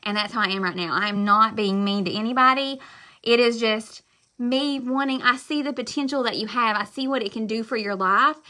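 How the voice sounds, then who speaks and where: A woman giving a live-stream pep talk to her sales team, loud, emphatic and blunt but apologetic, rambling as she goes. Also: a little high, steady tone, a little fast. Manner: loud and fired up, talks emphatically. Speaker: direct-sales consultant.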